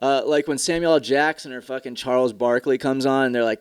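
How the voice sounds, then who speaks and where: This is a man hosting a casual solo podcast, his talk candid, rambling and peppered with profanity. His pitch sits mid-range. The sound is close and dry, with no room around it. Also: fairly quick, few pauses, clean tone, no echo. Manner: candid, profane, rambling with mock commercial voices. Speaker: podcast host.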